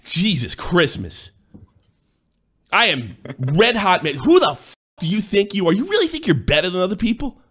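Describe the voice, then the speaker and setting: A man's voice: high voice, big pitch swings, moderate pace, slightly rough. Furious man ranting. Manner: angry, profane, accusing, sometimes shouting. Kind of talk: heated rant.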